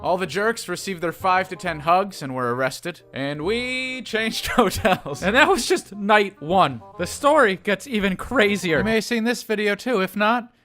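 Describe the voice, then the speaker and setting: Animated comedic male storyteller, high and bright. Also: moderate pace, faint music behind. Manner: animated, acts out every character.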